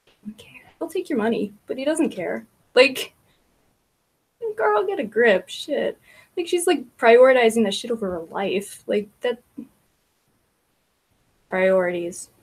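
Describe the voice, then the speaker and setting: A woman's voice: a little high, animated, unhurried, long pauses, husky. A woman hosting a casual livestream, rambling about online gossip with frequent laughter, swearing and filler words.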